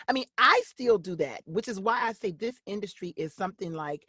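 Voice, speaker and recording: A woman's voice: on the low side, brisk, hardly any pauses, slightly rough, no room sound, studio quality, faint music behind. A middle-aged woman, a voice-over actress and coach, talking animatedly in an interview. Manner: animated, acts out quoted voices. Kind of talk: interview conversation.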